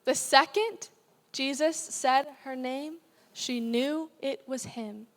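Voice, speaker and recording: A woman's voice: high voice, takes it slowly, fairly bright tone. A young woman giving a casual, chatty sermon as a guest speaker, with many fillers. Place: church hall. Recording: long hall reverb.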